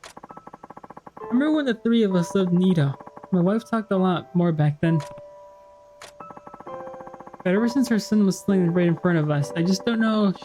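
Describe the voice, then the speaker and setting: A gentle older father in a game story, recalling his lost son in a soft, sorrowful way, as a streamer reads his part. His voice is mellow and warm, with faint music behind it. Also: mid-range voice, lively intonation, moderate pace, long pauses, close to an everyday voice, rough recording. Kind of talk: reading game dialogue aloud.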